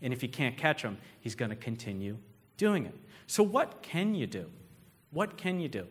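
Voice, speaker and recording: A man's voice: mid-range voice, sing-song, moderate pace, husky. A man giving a conversational keynote talk, telling stories and putting questions to the audience. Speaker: speaker. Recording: long hall reverb.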